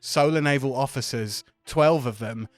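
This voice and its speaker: A man's voice: medium pitch, normal speed, faint music behind. Man narrating as game master. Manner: loose, descriptive, with fillers.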